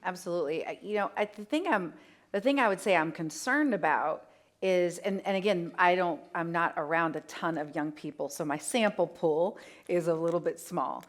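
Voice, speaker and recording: Low-voiced woman panelist. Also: moderate pace. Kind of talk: live panel discussion. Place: on stage in a town hall venue.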